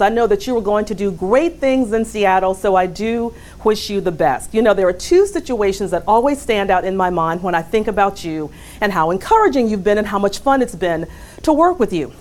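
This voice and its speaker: A woman recording a farewell message to a coworker, telling a story with slow, emphatic punchlines. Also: mid-range voice, a little mellow.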